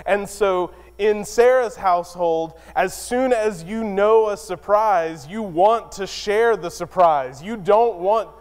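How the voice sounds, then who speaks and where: A man preaching a sermon, telling a personal story in a relaxed, self-deprecating way with lots of fillers. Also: sits high, slow pace, few pauses, clear, resonant tone, in a large hall. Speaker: pastor.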